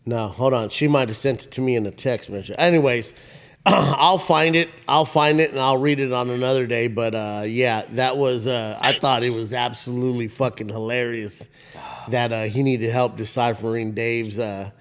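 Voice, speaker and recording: A man's voice: mid-range voice, normal speed. A man co-hosting a podcast in casual chat, telling a rambling, profane story and laughing often along the way. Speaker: podcast co-host.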